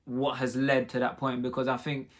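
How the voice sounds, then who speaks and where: Brief: young man, relaxed co-host, easygoing and agreeable, jokes now and then. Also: medium pitch, normal speed. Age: young adult. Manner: laid-back, agreeable, jokey. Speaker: vlog co-host, husband. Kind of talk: casual couple Q&A chat.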